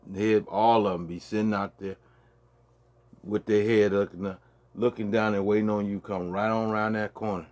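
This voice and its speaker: A man telling a long, casual story as a show host, with a loose, drawn-out delivery full of restarts and asides to the listener. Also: low voice. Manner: loose and conversational, peppered with "man" and "you dig".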